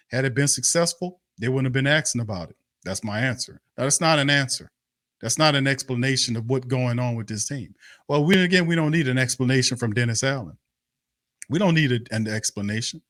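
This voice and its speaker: Clean, dry studio sound captures a man running a sports talk livestream as he vents about his team. He's angry, exasperated and profane, circling back over the same points. His mid-range voice is a bit bright and a little fast.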